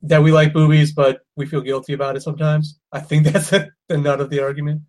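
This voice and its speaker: A man's voice: on the high side, little pitch movement, quick pace, darkish tone, rough recording. A man in his thirties co-hosting a podcast, trading jokes and strong opinions in casual chat. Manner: joking, irreverent, opinionated. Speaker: podcast co-host.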